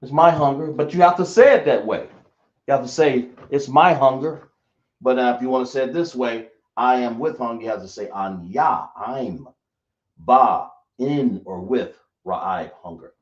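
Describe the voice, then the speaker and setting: A man teaching a language lesson, speaking slowly and often checking whether his listeners understand. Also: mid-range voice. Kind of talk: classroom lesson. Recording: echoey room, dull lo-fi sound.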